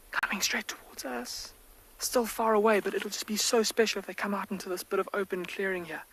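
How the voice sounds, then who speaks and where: A male field guide gives live wildlife commentary outdoors from a safari vehicle, his mic held close to his face. His high voice stays hushed, almost whispered, yet excited, and the recording quality is low.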